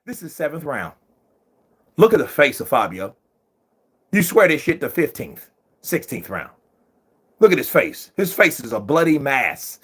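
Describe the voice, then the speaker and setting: A man giving profane, excitable live commentary while watching a boxing match, often shouting at the referee. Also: fairly high pitch, measured pace, pauses often, slightly rough.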